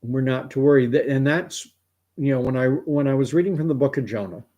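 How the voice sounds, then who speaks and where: A man's voice: medium pitch, fairly quick, mellow, lo-fi sound. A man from Canada hosting a livestream, reading viewer comments aloud and musing in a rambling, digressive way. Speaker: host.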